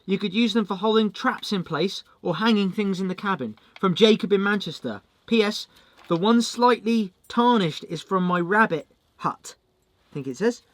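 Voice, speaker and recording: A man's voice: sits high, normal speed, a bit bright, dry recording. A male channel host chatting casually as he reads out viewer mail and thanks the senders.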